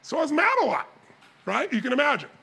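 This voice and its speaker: A man giving a motivational seminar talk, telling stories with animated energy and bursts of shouting. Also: extremely high pitch, quick pace, vocal fry. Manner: animated storytelling, shouting and mimicking others. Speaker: motivational speaker.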